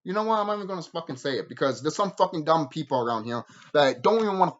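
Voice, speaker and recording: On a muffled recording, a low-pitched woman rants in her review vlog about a show. She swears freely and speaks with animation, piling on fillers and restarting her sentences often.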